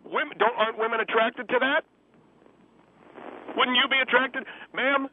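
A man's voice: very high-pitched, fairly even intonation, normal speed, pitched above the performer's own voice. A man voicing an indignant, self-pitying divorced conservative man who is whiny and preachy, heard over a phone line. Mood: pleading. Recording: tinny phone line, faint hiss.

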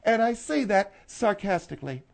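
A man's voice: sits high, sing-song, normal speed, creaky, exaggerated voice. A man voicing a prim, indignant middle-aged woman co-host who scolds in a huffy, prissy way.

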